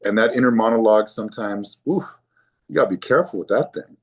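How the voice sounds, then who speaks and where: A man's voice: fairly low pitch, quick pace. A man speaking as a physician guest in an interview, earnest and often repeating words as he starts a thought. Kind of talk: conversational interview.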